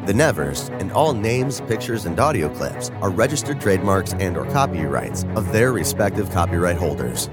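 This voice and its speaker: Low-voiced male disclaimer announcer over music. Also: very animated, normal speed, few pauses. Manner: formal read-out. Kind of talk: scripted legal disclaimer.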